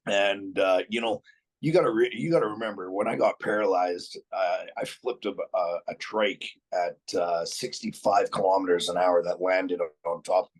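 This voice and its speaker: A man's voice: low voice, moderate pace, rough recording. Blunt, swearing male storyteller. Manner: blunt, swears freely, many restarts, chuckles while telling stories. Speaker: podcast guest. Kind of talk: casual storytelling interview.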